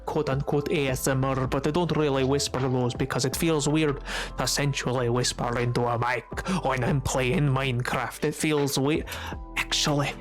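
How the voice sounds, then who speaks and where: A man streaming a game who chats quietly with his viewers, joking along in a playful put-on Scottish-Irish accent. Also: medium pitch, fairly even intonation, moderate pace, soft background music. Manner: talking quietly, resting his voice. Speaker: Minecraft streamer. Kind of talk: casual livestream chat while gaming.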